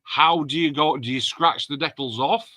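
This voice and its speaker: A man's voice: fairly high pitch, normal speed, sharp tone, no room sound. A man hosting a casual livestream chat and reading out viewer comments. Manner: chatty, reads out viewer comments. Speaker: host.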